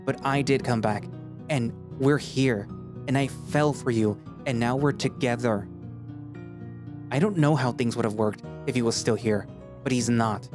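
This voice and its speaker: A man narrating a first-person dramatic audio story as an earnest, emotional young male anthro, speaking expressively. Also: mid-range voice. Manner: earnest and expressive, rising to anger. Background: background music.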